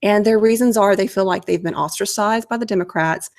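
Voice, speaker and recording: A woman's voice: medium pitch, a little fast, darkish tone. A woman from Alabama with a Southern US accent, hosting a casual conversation and speaking earnestly, often repeating words as she goes. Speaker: podcast host.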